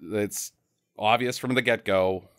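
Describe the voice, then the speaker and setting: A podcast host recaps a film in a loose, rambling chat, slipping into voices as he tells the story. His voice is lowish and a bit bright, with fairly even intonation and a slow pace. The recording is dry, with clean studio sound.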